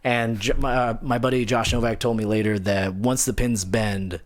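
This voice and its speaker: A man co-hosting a gaming podcast, telling a story in casual chat, animated and profane, with loud exasperated outbursts. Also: mid-range voice, moderate pace. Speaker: podcast co-host.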